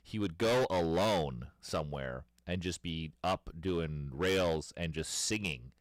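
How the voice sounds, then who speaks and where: Low-voiced man rambling on a livestream. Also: slow pace, no echo, studio quality. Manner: rambling storytelling with laughs. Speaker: streamer. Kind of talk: casual livestream chat.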